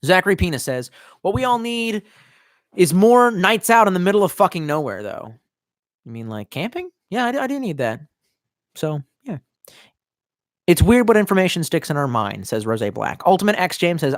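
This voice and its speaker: Reading chat comments during a casual live stream, this man in his 20s curses constantly, wanders off topic, and swings from loud outbursts to quiet mutters as though drunk. His pitch is fairly high, and the studio-quality audio has no echo.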